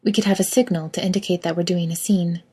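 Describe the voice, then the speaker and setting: A woman plays an earnest younger woman, soft-spoken and a little hesitant. The voice is husky and mellow, with a low, gentle delivery. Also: fairly even intonation, quick pace.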